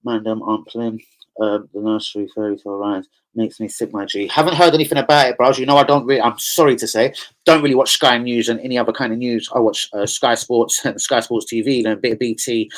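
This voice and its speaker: A man hosting a casual football live stream, rambling and slangy as he answers viewer comments. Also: medium pitch. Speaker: football channel host.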